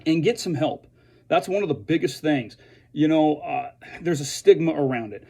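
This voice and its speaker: A man who is a veteran speaks earnestly and haltingly to fellow veterans, restarting his sentences often. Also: fairly high pitch, lively intonation, gravelly, mellow. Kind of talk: earnest direct-to-camera message.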